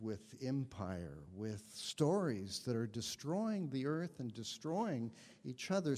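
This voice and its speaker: A man preaching as a guest minister, telling a story with gentle humor. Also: on the high side, big-room sound. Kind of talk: sermon. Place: congregation sanctuary.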